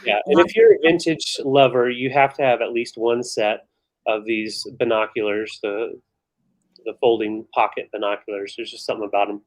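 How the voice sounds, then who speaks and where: A man's voice: mid-range voice, steady tone, normal speed, low-quality recording. A man co-hosting a live vintage sale, easygoing as he counts down and tracks the bidders. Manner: easygoing, runs bids and counts down. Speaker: live sale co-host, auctioneer. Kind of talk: live-stream auction chat.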